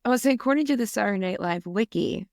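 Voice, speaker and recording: A woman co-hosting a podcast, chatting casually with quick, wry asides. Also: mid-range voice, lively intonation, gravelly, a little mellow, no room sound, studio quality. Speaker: podcast co-host. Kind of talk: casual chat.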